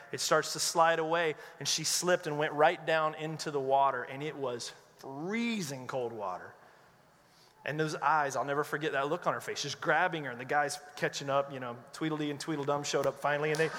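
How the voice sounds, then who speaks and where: A man preaching with a high, bright and forceful voice. He tells his stories with animation and slips into the voices of the people he quotes. His sermon rings out with the long reverb of a church hall. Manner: animated storyteller who acts out quoted voices. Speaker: pastor.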